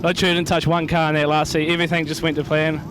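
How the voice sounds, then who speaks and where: A man's voice: on the high side, level tone, fast, background noise. A man with a New Zealand accent, a racing driver talking elatedly after finishing second. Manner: elated, repeats mate and stoked. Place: outdoors at a speedway.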